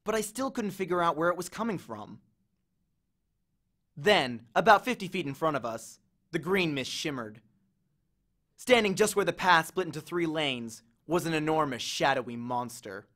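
Animated man reading a story aloud. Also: fairly high pitch, normal speed. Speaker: audiobook reader.

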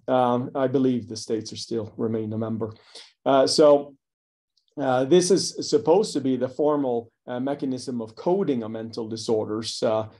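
A man's voice: medium pitch, mellow. A man giving a psychology lecture, hesitant with many fillers and the odd dry aside. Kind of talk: academic talk.

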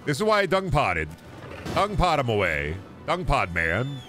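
A man's voice: medium pitch, huge pitch swings, unhurried, bright, forceful tone. A young man casually commentating his gameplay, rambling, joking and swearing freely. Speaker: streamer. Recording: game music playing behind.

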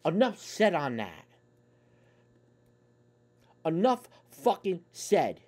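A man ranting about his team for his YouTube channel, furious and foul-mouthed. His pitch swings widely, rising and crashing as he curses. The talk is a nonstop stream of complaints. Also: very animated, very slow, darkish tone. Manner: angry, profane, swearing constantly. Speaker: YouTube sports fan ranter. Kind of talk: profane sports fan rant.

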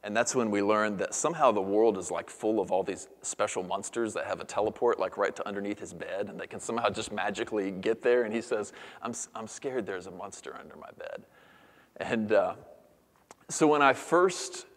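A man in his thirties preaching a sermon as pastor, earnest, moving between hushed near-whispers and lively storytelling. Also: on the low side, a little fast. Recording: long reverb of a church hall.

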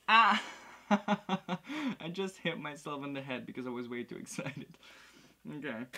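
A male host chatting through a casual unboxing video. He giggles often, trips over his words and pokes fun at himself. His tone is light and informal, with quick bursts of excitement. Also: fairly high pitch. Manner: giggly, self-deprecating, chatty.

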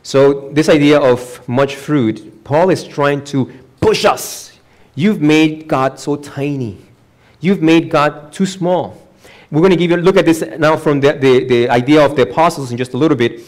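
A man who is the pastor, preaching a sermon in a church with lively acted-out quotes and sudden jumps in pitch and volume. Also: normal speed. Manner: animated preaching, acts out quoted voices with big pitch jumps.

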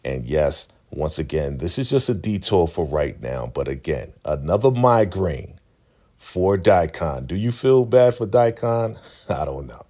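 A man with a low voice chats through a TV episode recap. He sounds casual and lively, tosses in asides, and asks his viewers questions. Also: a little slow. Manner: chatty, animated storytelling. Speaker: YouTube TV recap host.

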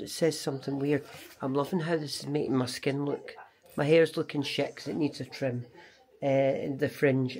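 A woman's voice: low-pitched, a little mellow. A Scottish woman talking casually to her vlog camera, chatty and rambling, often restarting and correcting herself. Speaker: vlogger.

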